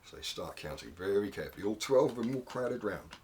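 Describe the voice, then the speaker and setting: A man in his sixties, from Australia, telling a long shaggy-dog joke, dropping low to build suspense and then rising into high mock wailing. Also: animated, a little fast, a little mellow, a little hiss or hum. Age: 60s. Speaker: joke teller.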